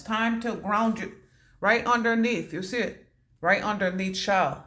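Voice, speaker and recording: A woman's voice: mid-range voice, unhurried, a bit bright, roomy sound. A woman giving a channeled intuitive reading who free-associates from word to word, makes puns and swears casually. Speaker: intuitive reader.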